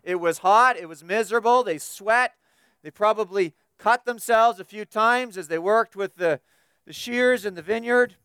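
A man's voice: high voice, normal speed, a bit bright, clean tone, no room sound. Male preacher with a resonant voice, dry close sound, builds emphatic repeated lists. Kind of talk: expository sermon.

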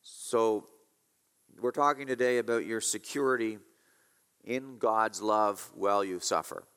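A man preaching an expository sermon, emphatic, repeating key phrases and swinging between loud and hushed. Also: lowish voice, measured pace, clear, resonant tone. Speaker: pastor. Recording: reverberant hall.

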